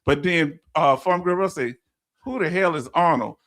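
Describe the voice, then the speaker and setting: A man with a Southern US accent hosts a casual livestream and reads viewer comments aloud. His voice sits a little high for a man. He laughs easily and stumbles over his words. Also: normal speed, fairly bright tone. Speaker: livestream host.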